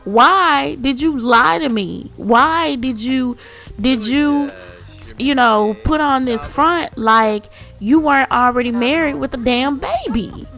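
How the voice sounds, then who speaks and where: A woman's voice: high voice, a little slow, a bit bright, soft background music. A woman voicing a fed-up young wife who speaks in an indignant, insistent way, her voice pushed well above her own. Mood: furious.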